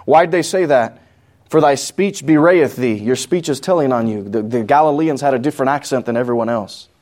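With a mid-range, slightly mellow voice and a slightly fast pace, an adult pastor with a New Mexican accent teaches a Bible study. He reads scripture out loud, explains it simply, and questions the congregation.

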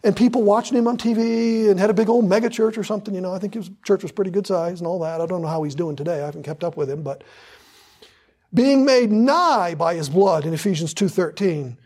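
A man's voice: sits high, fairly quick, a little mellow. A man preaching a sermon with fervor, hammering points through repetition and drawing out scripture for emphasis.

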